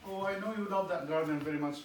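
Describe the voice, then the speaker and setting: A man's voice: fairly high pitch, fast talker, pitched above the performer's own voice, natural voice. A man doing a bossy wicked queen. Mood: scolding. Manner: scolding, bossy. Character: evil scheming queen, bossy wife. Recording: echoey room, distant mic, faint noise.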